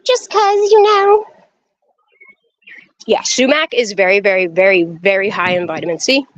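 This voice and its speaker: A woman's voice: mid-range voice, normal speed, no echo. Chatty woman touring her garden outdoors. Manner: chatty and excitable, swears freely, talks straight to viewers. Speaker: vlogger giving a garden tour. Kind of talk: casual walk-and-talk vlog. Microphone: handheld phone camera. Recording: slightly dull phone audio.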